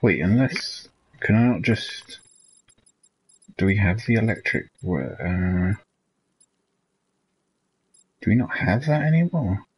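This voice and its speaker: A man's voice: fairly low pitch, lively intonation, slow, long pauses, husky, rough recording. A man, casually commenting while playing a video game live, rambling and swearing and often trailing off mid-thought.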